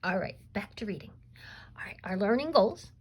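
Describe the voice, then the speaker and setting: A woman teacher giving a recorded reading lesson to young children, encouraging them to answer aloud and pausing on "um" fillers. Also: medium pitch, animated, breathy edge, low-quality recording. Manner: coaxing and encouraging, asks pupils to answer aloud; frequent um fillers while explaining.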